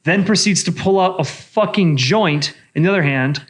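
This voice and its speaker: A man, a bartender, telling a bar story in casual chat, profane and animated. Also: high voice, moderate pace. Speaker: bartender and podcast co-host.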